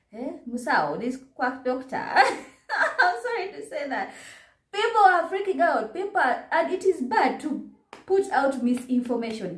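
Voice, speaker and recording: A woman with a Ugandan English accent giving an indignant reaction commentary, full of rhetorical questions. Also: high-pitched. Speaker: vlogger. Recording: echoey room.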